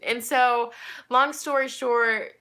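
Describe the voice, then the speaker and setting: Casting note: young woman, casual vlog storytime, chatty and rambling, bright and fairly high. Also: fairly even intonation, takes it slowly. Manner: chatty, rambling, talks to viewers directly. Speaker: tarot reader and vlogger.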